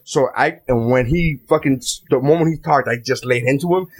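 A man hosting a podcast, a comedian telling stories in profane, animated casual banter. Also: mid-range voice, brisk, slightly rough.

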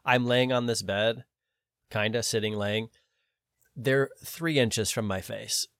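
A man's voice: lowish voice, takes it slowly, a bit bright, no room sound, clean studio sound. A man on a podcast telling a long story in a casual way, quoting other people in his own voice and swearing now and then. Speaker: podcast host.

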